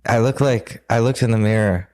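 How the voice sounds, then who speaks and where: A man co-hosting a podcast in loose, comedic chat. He rambles and swears freely as he jokes along, and his voice sits at an ordinary pitch for a man. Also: fairly quick, a little mellow. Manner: rambling, profane, joking. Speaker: podcast co-host.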